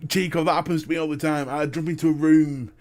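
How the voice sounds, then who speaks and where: A man's voice: fairly high pitch, fairly even intonation, fast, a little mellow. A man with a Northern English accent hosting a casual live stream, chatting and greeting viewers and laughing often. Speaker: live-stream host and vape reviewer.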